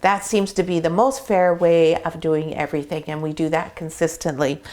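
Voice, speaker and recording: A woman's voice: sits low, fairly even intonation, moderate pace, a little mellow. A middle-aged woman, a dog breeder, explaining puppy care in a chatty, step-by-step way while sitting in a whelping box indoors. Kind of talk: casual explainer video.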